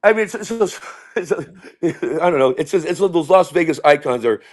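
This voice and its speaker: A middle-aged man, a comedian, telling rambling stories in an animated way and dropping into voices. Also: a little high, moderate pace. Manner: rambling, jumps into impressions and character voices. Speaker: comedian guest.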